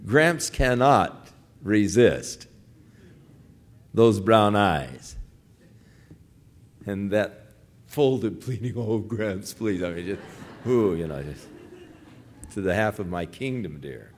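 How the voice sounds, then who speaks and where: An older man delivers a sermon at an unhurried pace. His pitch rises and falls widely as he tells stories and acts out the pleading voices in them. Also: very animated. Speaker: preacher.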